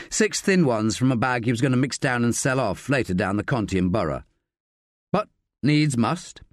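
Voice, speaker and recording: A man narrating an audiobook in a measured, expressive way. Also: mid-range voice, no echo, clean studio sound. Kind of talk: scripted narration.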